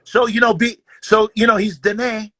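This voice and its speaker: An older man, a guest actor, telling stories in a casual, animated way, acting out dialogue and often repeating words. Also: sits high, moderate pace. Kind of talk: casual storytelling.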